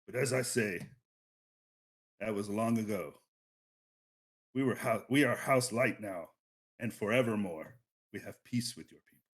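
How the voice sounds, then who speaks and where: A man reading out a huge clawed alien elder, loud, emphatic and drawn out. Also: fairly low pitch, measured pace, long pauses, lightly acted. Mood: calm.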